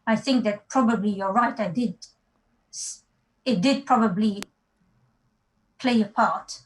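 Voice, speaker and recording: A woman with a slight French accent speaks as a guest in a relaxed interview. Her voice sits mid-pitch, and she talks in a chatty way, with plenty of fillers and quick laughs. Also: poor audio. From Africa and France. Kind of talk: casual interview chat.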